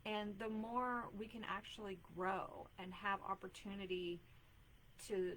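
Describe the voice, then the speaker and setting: A woman's voice: mid-range voice, level tone, measured pace, fairly bright tone, slight background noise, rough recording. A woman in her thirties giving earnest, chatty advice on a live video stream, with lots of filler words. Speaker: mom life coach hosting a live video. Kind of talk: casual live-stream talk.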